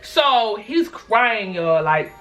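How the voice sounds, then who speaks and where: A young woman from Baltimore, a vlogger telling a story in a lively, slangy and dramatic way. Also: medium pitch, very slow. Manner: animated, slangy, dramatic retelling. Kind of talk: casual storytime.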